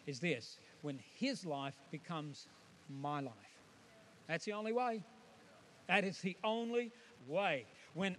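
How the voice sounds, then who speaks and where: A man's voice: high-pitched, a bit bright, a little hiss or hum. A man preaching a sermon, emphatic and dramatic, who often acts out the voices of his listeners.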